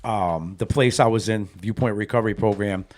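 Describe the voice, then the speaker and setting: A man co-hosting a casual podcast, telling a recovery story in a lively, animated way and acting out the people he quotes. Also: a little fast. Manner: animated storyteller, acts out quoted voices with big pitch jumps.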